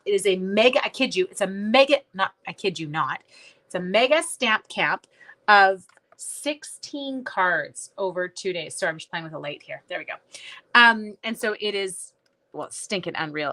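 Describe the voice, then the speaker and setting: A woman's voice: medium pitch, bright, forceful tone. A woman hosting a live-streamed stamping class, chatting casually into her phone, greeting viewers by name and correcting herself as she goes.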